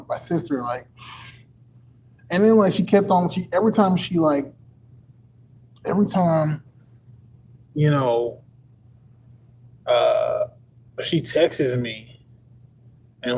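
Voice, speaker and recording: A man's voice: mid-range voice, darkish tone, poor audio. Rambling young man chatting on stream. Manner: rambling, full of "like" fillers; chuckles often. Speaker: livestreamer. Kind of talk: casual livestream chat.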